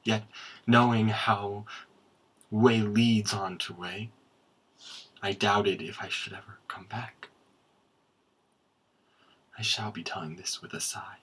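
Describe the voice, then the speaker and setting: A man giving a slow, hushed poetry recitation, dropping into whispers at times. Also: fairly low pitch, fairly even intonation, slightly rough, poor audio. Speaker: student presenter.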